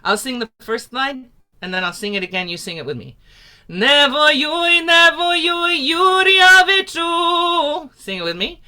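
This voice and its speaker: A woman's voice: on the low side, animated, fast, bright, forceful tone. A woman teaching a folk song in an encouraging, patient and playful way. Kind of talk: leading a sing-along lesson.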